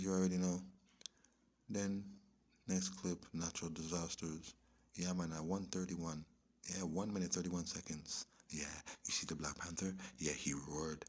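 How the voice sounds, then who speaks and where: A man giving rambling spiritual commentary, lecturing and checking in with listeners, often dropping into a hushed whisper. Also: low voice, slightly rough. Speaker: religious commentator. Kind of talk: rambling spiritual commentary over video clips.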